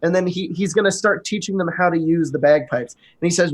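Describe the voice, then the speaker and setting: A man playing his character in a tabletop game, telling what his bard does in a halting way with repeated words. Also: high-pitched. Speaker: player.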